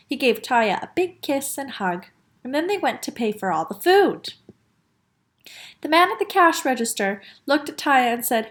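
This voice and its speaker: A woman teacher reading a storybook aloud to young children, expressive, with asides to the class. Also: high voice, a little slow.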